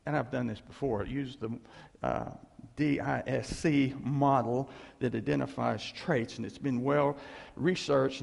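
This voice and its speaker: A male pastor giving a conversational sermon, animated, checking in with the listeners and asking "okay?" again and again. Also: medium pitch, creaky, slightly rough, long reverb tail.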